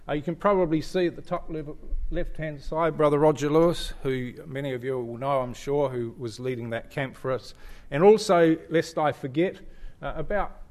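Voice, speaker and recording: A middle-aged New Zealander visiting a church gives the congregation a slide presentation, chatting and joking with frequent fillers and restarts. His slightly high voice has a darkish tone and moves at normal speed with few pauses.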